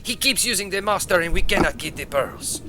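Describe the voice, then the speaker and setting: A man voicing a defensive, boastful male healer merchant who speaks halting broken English and opens lines with "eh.". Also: high-pitched, expressive, noisy background. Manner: broken English with hesitant "eh" openings.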